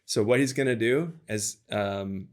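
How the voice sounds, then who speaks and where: A man's voice: on the low side, measured pace. A man hosting a podcast in casual chat, teasing his co-host, laughing often and steering the segment.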